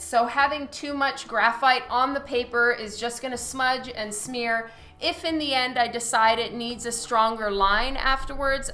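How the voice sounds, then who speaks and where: A comic artist draws at a light table in her studio while chatting casually on a live stream, thanking viewers by name and saying "um" often. Her voice sits a little high, with a bright, forceful tone. The room gives a roomy echo, and faint music plays underneath.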